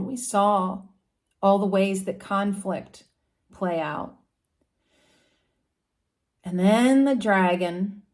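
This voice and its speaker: A woman explaining astrology casually, as a story about animal characters. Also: mid-range voice.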